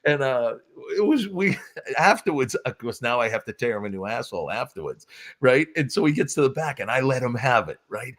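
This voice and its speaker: Male guest, New England accent, animated storyteller, lively pitch. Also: fairly quick. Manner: animated, acts out quotes with high-pitched voices. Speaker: wrestling promoter guest. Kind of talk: casual storytelling.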